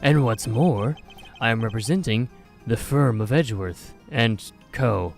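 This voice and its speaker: A man voicing a cool, composed male prosecutor with a dry, measured, deadpan delivery, in an improvised comedic game dub. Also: medium pitch, soft background music. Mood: smug.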